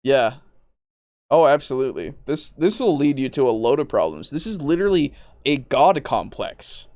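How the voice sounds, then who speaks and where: An exasperated man rants on a podcast, swearing freely and laughing as he argues. His pitch swings widely and animatedly. The sound is dry and close. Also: sing-song, normal speed, a little mellow, dry recording. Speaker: podcast host. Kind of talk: ranting podcast discussion.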